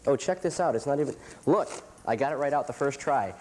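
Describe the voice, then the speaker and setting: A man with a stuffed-up nose hosting a campy comedy TV show, making dark jokes with chuckling asides. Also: mid-range voice, expressive, fast, a little hiss or hum. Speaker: host.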